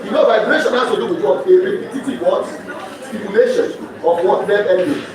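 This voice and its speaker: A man's voice: high-pitched, brisk, crowd noise. A male lecturer teaching in call-and-response style. He keeps firing quiz questions and checking that listeners are following. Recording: echoey hall, distant mic, audience noise.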